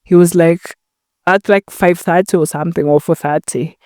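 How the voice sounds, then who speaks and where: A woman's voice: on the low side, fairly even intonation, moderate pace, darkish tone, no room sound, clean studio sound. A young woman from Rwanda hosting a solo podcast, chatting in a rambling way while talking to a camera. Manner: chatty, rambling, acts out phone calls. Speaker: podcast host. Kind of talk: casual solo podcast chat.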